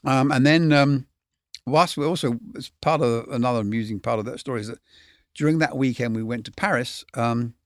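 Here an older man who works as a film cameraman spins loose, candid stories as a guest, cursing offhandedly and chuckling. His medium-pitched voice moves briskly, captured in a dry, studio-quality recording.

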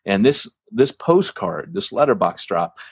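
A man's voice: fairly low pitch, sing-song, a little slow, husky, no echo, highs cut off. A man hosting a church planting podcast, telling a long story casually, with lots of fillers and restarts.

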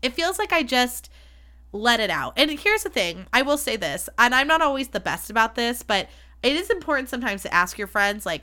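A woman's voice: a little high, very animated, fairly quick, pushed and bright. A woman hosting her own podcast, talking candidly and chattily, swearing freely and poking fun at herself. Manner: frank, swears freely, chatty and self-deprecating. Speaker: podcast host. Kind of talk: candid solo podcast talk.

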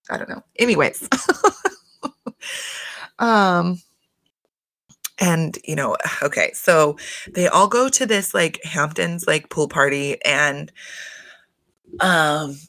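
Recap host, dry close sound, gravelly fry, foul-mouthed and chatty, speaks straight to the audience. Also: mid-range voice, fairly bright tone, no echo. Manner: chatty, profane, frequent filler "like"; addresses listeners directly. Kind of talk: casual solo recap chat.

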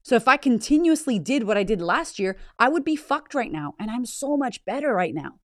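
A woman's voice: fairly high pitch, very animated, brisk, no room sound, clean studio sound. Blunt, profane woman podcast host. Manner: blunt, heavily profane, emphatic and raw; repeats phrases for emphasis. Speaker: podcast host and business owner. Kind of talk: motivational podcast monologue.

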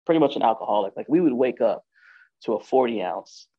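A man's voice: medium pitch, expressive, fast talker, husky. A man telling a personal story in a loose, conversational way, with lots of fillers and "right?" asides. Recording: dull lo-fi recording.

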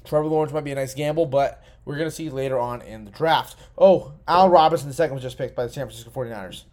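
A man's voice: medium pitch, fast. A young man hosting a podcast, talking casually and rambling with lots of swearing while getting tipsy. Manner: profane, rambling, excitable. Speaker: podcast host. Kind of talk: casual solo commentary.

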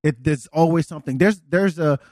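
A man from France with a French accent, hosting a podcast and telling animated stories in casual chat, swearing freely. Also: a little high, a little fast, dry recording, studio quality. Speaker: podcast host.

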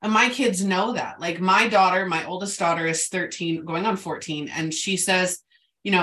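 A woman's voice: lowish voice, fairly even intonation, moderate pace, sharp tone, far from the mic. A middle-aged woman hosting a casual chat, telling stories in a chatty way full of fillers and asides. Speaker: host.

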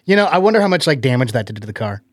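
Brief: male podcast producer, a touch high, deadpan sarcastic chat, dry close mic. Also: racing, dry recording. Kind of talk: casual chat.

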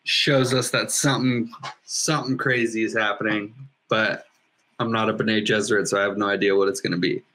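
A man's voice: on the low side, fairly even intonation, fairly quick, sharp tone, slight background noise. A man co-hosting a casual podcast, reacting playfully and joking as the story is read to him. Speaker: podcast co-host listening. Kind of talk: casual chat.

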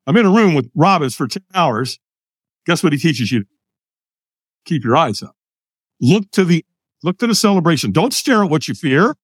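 An older American man, a podcast guest, telling a personal story in an animated way and acting out the lines of other people. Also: on the high side, moderate pace, long pauses, husky, dry recording, clean studio sound. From United States.

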